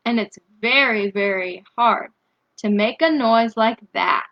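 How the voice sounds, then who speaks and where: Woman, bedtime storybook reader, slightly high voice, asks kids questions, muffled lo-fi sound. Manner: slow, gentle, asks young listeners questions. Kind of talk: bedtime story reading to children.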